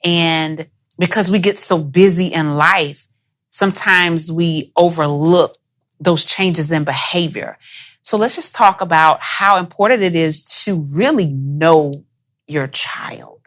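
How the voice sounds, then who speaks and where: A woman hosting an interview, asking careful questions in a slow, measured way. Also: sits low, fairly bright tone. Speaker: host.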